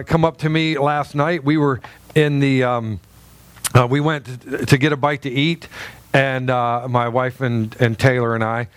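A man's voice: on the high side, clean tone, no room sound. A middle-aged man preaching a sermon as a pastor, telling a story in a loose, conversational way with many fillers and restarts.

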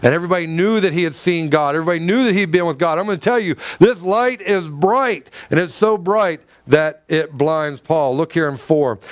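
High-voiced animated male preacher. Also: no room sound. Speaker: pastor. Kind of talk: sermon.

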